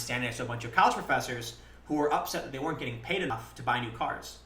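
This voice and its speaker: A man in his thirties hosting a live stream and telling stories casually, bluntly and with profanity, often restarting his sentences and acting out his own past remarks. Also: mid-range voice. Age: 30s. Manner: acts out his past self in animated quoted lines. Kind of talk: casual storytelling monologue. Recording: echoey room.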